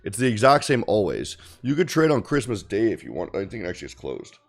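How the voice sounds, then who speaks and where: Here a streamer day-trading live talks fast and very animatedly in a lowish, creaky voice. His casual trading talk is blunt and rambling, with the odd swear word.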